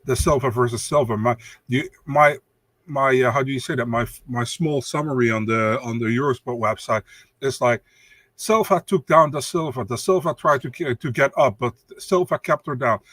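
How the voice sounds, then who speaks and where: A man co-hosting a podcast in casual chat, halting and searching for words. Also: medium pitch, fairly bright tone, no echo. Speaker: podcast co-host.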